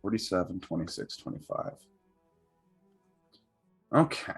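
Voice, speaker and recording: A man's voice: low-pitched, very animated, unhurried, slightly rough, soft background music. A man narrating a tabletop game as game master, talking in a hesitant way with many fillers and restarts.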